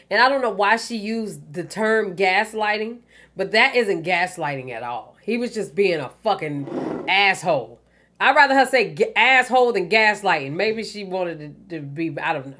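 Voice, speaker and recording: A woman's voice: mid-range voice, lively intonation, unhurried, a bit bright. A woman hosting a reaction video, giving candid, profane commentary with lots of fillers. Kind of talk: casual commentary on a clip.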